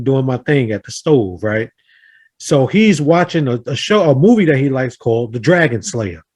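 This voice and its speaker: A man hosting a round table talk, earnestly telling a family story and acting out the quotes. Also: mid-range voice. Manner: earnest, animated storyteller who acts out quotes. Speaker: host of a round table discussion. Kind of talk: casual storytelling in a group talk.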